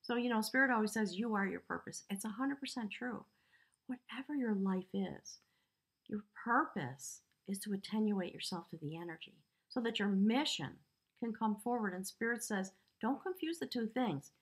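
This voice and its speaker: A woman's voice: mid-range voice, expressive, moderate pace, breathy edge. A woman giving a spiritual tarot reading, earnest and emotional, rambling with fillers. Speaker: tarot reader.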